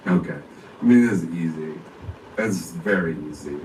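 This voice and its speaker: A man, an actor being interviewed, chatting casually, animated and laughing often as he acts things out. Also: low-pitched, moderate pace. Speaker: actor guest. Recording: echoey room from far off with faint noise.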